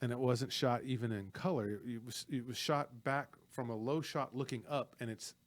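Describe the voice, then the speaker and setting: A man co-hosting a casual film talk, retelling a fight scene with lively energy and playful asides. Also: medium pitch, normal speed, no room sound. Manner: animated storyteller, acts out movie lines. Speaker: podcast co-host.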